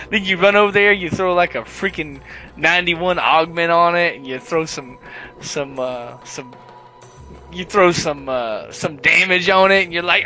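A high, bright-toned man spins a gaming story with lively energy. He acts out his friends' voices as he goes, and faint music plays underneath. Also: normal speed, poor audio. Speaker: podcast co-host. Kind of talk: casual gaming chat.

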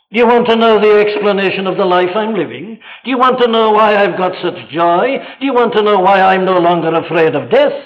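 A man preaching an impassioned sermon, pleading with rising questions and then growing hushed and tender. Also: sits high. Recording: dull archival recording in a reverberant hall.

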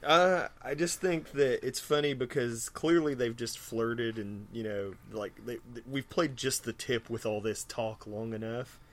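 A man's voice: medium pitch, a little slow, hardly any pauses. Chatty man on a comic podcast. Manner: chatty, laughs often. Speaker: podcast co-host. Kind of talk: casual comic book discussion.

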